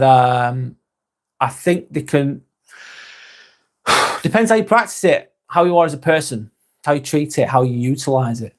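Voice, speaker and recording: Chatty man reading live chat. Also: a little high. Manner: chatty, swears casually, reads comments aloud.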